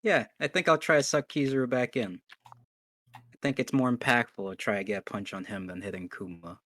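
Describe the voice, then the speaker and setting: A man playing a tabletop game, excitable and thinking aloud, often restarting his sentences. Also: medium pitch, fairly quick, dry recording. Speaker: player. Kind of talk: casual tabletop game play.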